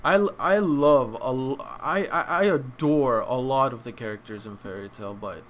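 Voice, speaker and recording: A young man hosting an anime review, choked up and crying, talking in a heartfelt, halting way with many restarts. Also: mid-range voice. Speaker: anime reaction channel host. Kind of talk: emotional casual review.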